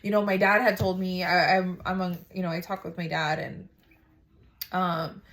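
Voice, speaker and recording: A woman's voice: on the low side, level tone, normal speed, fairly bright tone. A mother sharing a casual faith testimony, rambling and frank, with lots of "like" and some swearing.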